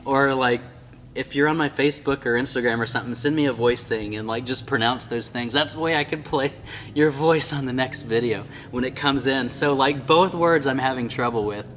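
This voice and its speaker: A man talking casually and with enthusiasm in a product review vlog, often amused and slowly sounding out tricky words. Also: mid-range voice, a bit bright, a little hiss or hum. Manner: enthusiastic and chatty, often amused by his own slips. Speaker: Bible binding reviewer.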